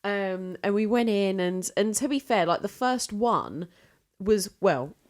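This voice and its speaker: A woman from England co-hosting a podcast, telling an anecdote in an animated way and swearing now and then. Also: medium pitch, measured pace. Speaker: podcast co-host. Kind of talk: casual storytelling chat.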